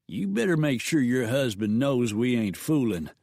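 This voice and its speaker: A man voicing a menacing outlaw leader who makes slow, drawling threats. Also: mid-range voice, very animated, creaky, a little mellow, no echo, studio quality. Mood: threatening.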